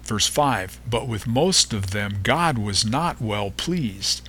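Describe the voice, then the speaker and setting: A man hosting a devotional podcast, reading and explaining Bible verses in an unhurried way, pausing often and stressing repeated words. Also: on the low side, lively intonation, fairly bright tone, slight background noise. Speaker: podcast host teaching the Bible.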